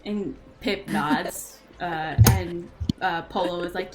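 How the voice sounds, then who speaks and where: A woman's voice: fairly low pitch, steady tone, takes it slowly, background noise. A woman narrating a tabletop role-playing game as game master, in a chatty manner with frequent fillers. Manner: chatty, with many fillers and restarts.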